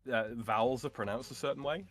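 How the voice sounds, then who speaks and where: A man chatting casually on a stream, opinionated, with halting starts and chuckles. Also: mid-range voice, faint music behind. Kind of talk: casual chat.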